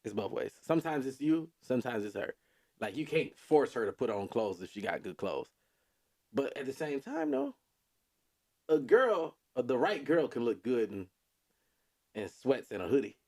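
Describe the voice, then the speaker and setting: A man's voice: mid-range voice, sing-song, normal speed, darkish tone. A man hosting a casual podcast chat, laid-back and rambling, with many fillers and chuckles. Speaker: podcast host.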